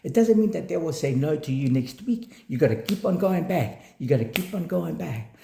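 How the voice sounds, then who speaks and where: Man, motivational storyteller, mellow slightly high voice, roomy echo. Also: normal speed, gravelly, a little hiss or hum. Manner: animated, switches between English and Samoan, acts out quotes.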